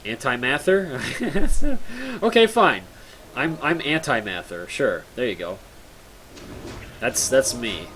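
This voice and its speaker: A man's voice: mid-range voice, expressive, measured pace, long pauses, pushed and bright, a little hiss or hum. A tired young man chatting casually and self-mockingly to viewers while streaming a game, rambling and joking at himself. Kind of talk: casual live-stream chat.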